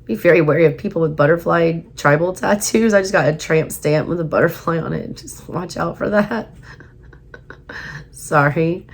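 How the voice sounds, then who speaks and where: A woman with a Southern US accent giving a casual tarot reading, emphatic and repeating her points, her voice going hoarse. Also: fairly low pitch, unhurried. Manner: emphatic, repeats herself, urging viewers. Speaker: tarot reader.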